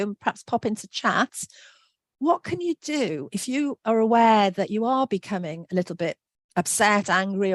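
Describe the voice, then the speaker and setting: A woman's voice: on the low side, no room sound, clean studio sound. A woman giving an online workshop talk, friendly and reassuring, reading out answers from the chat. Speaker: workshop presenter.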